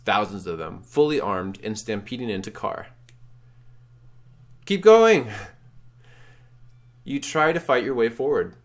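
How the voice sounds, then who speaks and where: Low-voiced man dramatically reading a game. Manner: dramatic, shouts choices out loud. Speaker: game streamer.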